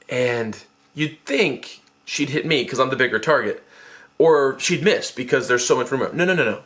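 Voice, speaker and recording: A young man telling a personal story in a casual vlog, animated, jumping high and loud whenever he acts out a shout. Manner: animated, jumps high and loud when acting out his shouts.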